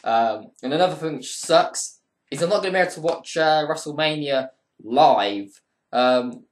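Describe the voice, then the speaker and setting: Rambling young man, echoey room. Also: mid-range voice. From United Kingdom. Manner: rambling, profane, with frequent ums and heated rants. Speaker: wrestling show reviewer. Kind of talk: casual spoken review.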